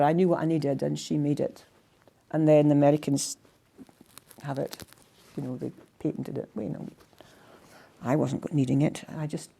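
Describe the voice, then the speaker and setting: An older woman with a Scottish accent, telling stories by the fireside in a gentle, halting way that often trails off to a hush. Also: low voice, creaky. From Scotland. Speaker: storyteller and singer. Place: indoors in a house by a fireside.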